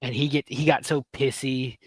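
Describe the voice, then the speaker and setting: A man's voice: mid-range voice, flat delivery, moderate pace, breathy edge, dry recording. A man in his late thirties hosting a livestream, telling rambling stories and joking with his chat. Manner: rambling, storytelling, playful with chat. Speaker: livestream host. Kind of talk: casual livestream chat with viewers.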